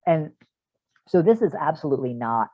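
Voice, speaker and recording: A male counselor presents a parent workshop over a video call, his slightly high voice sing-song at normal speed. He gives a practical online training talk conversationally, with many fillers. The video-call audio is dull and dry, with no echo.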